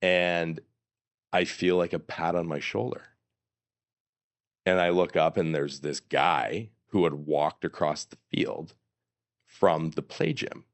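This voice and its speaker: Middle-aged male guest, deep voice, animated and rambling storyteller. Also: a little slow, long pauses. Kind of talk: storytelling in an interview.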